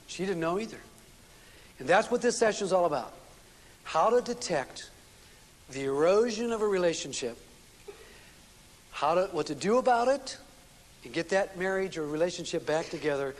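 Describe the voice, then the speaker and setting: High-voiced man lecturing in a reverberant hall. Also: slight background noise. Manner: folksy storytelling with frequent restarts and fillers. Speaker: seminar speaker. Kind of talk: relationship seminar lecture with anecdotes. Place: seminar room with a live audience. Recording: long reverb of a seminar hall.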